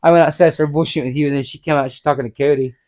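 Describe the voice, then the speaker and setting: A man's voice: fairly high pitch, steady tone, racing, darkish tone. Casual podcast co-host, man in his mid-twenties, loose and rambling, swears a lot. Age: 20s. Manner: rambling, swears often, fills with "like". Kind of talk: casual chat.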